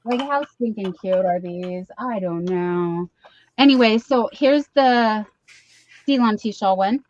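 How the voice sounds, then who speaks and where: A woman's voice: mid-range voice, takes it slowly, darkish tone, no room sound, highs cut off. A woman hosting a late-night livestream, chatting casually and rambling as she reads comments aloud. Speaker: live stream host. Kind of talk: casual chat.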